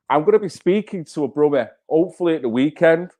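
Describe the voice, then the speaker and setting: A man's voice: fairly high pitch, expressive, quick pace, few pauses, warm tone. A man hosting his own channel, talking in a blunt, fired-up way with swearing and rhetorical questions. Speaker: channel host. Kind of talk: casual live-stream commentary.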